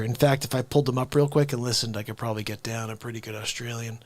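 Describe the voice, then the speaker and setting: A man's voice: medium pitch, fast talker, gravelly, hardly any pauses. A man hosting an unscripted live stream, rambling chattily and addressing his viewers directly.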